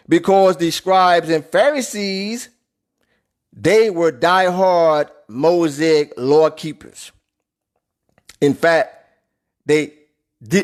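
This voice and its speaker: A man delivers a Bible lesson in an emphatic preaching voice. He rereads verses slowly and repeats himself for emphasis, his voice sitting a little high for a man. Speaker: Bible teacher. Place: New York City.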